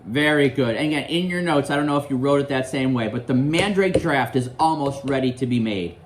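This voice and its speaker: A man's voice: mid-range voice, fairly quick, background noise. A male teacher reading a novel aloud to his class, quizzing students and explaining the story in a classroom.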